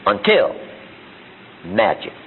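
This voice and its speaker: A man's voice: on the low side, huge pitch swings, takes it slowly, gravelly, husky. A man giving a live motivational seminar in a room with an audience, emphatic and firing off rhetorical questions. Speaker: motivational speaker. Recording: tinny, phone-like archival seminar recording.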